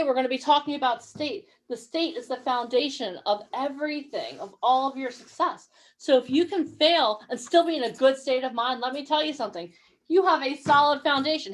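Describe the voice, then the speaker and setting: A woman coaching actors and models in a motivational online workshop. She talks energetically, encourages her listeners and keeps asking them questions. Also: sits high.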